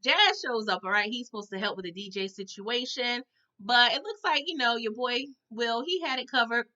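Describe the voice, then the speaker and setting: A woman's voice: a little high, moderate pace, sharp tone, dull audio. A woman giving a casual, dramatic recap of a TV episode, often tagging her lines with "okay?" and "all right?".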